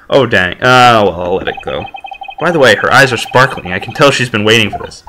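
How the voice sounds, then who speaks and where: Male let's-play host, lively and bright, wry and joking. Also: mid-range voice, a little fast, a little hiss or hum. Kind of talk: reading game dialogue aloud with commentary.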